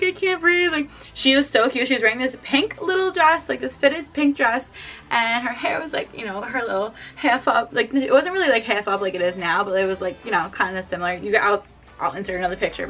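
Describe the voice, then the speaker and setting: Bubbly young woman gushing over a fan story. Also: medium pitch. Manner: excitable, gushing, says "like" constantly. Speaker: vlogger. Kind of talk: casual story time.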